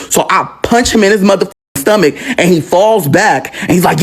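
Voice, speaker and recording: A young man recounting a personal story, animated and raw, acting out the voices of the people in it. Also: sits high, a little fast, few pauses. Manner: animated, acts out quoted voices with profanity.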